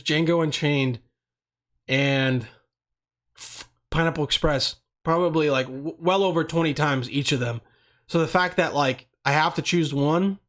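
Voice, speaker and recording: A man's voice: on the high side, fairly bright tone. A young man hosting a podcast on his own, rambling in loose, profane casual talk full of slang. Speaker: podcast host.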